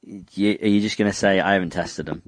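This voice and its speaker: A man's voice: sits low, fairly even intonation, fairly quick, dry recording. A man co-hosting a podcast, mostly listening and cutting in with short, dry, teasing questions. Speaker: podcast co-host. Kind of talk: casual chat.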